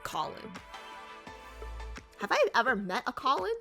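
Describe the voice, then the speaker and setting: A woman's voice: a little high, wildly swooping pitch, a little slow, creaky, pushed and bright, faint music behind. A woman casually reading a game story aloud, breaking off for chatty, joking asides.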